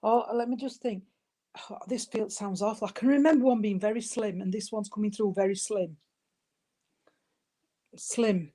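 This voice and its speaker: A woman's voice: mid-range voice, steady tone, normal speed, pauses often. A woman, working as a spiritualist medium and giving spirit messages, calling her listeners darling and sweetheart. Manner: warm, calls people darling and sweetheart.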